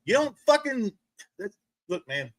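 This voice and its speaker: A man's voice: very high-pitched, big pitch swings, unhurried, fairly bright tone, no echo. A man hosting a livestream, ranting in a heated, profane monologue and restarting his sentences often. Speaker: livestream host.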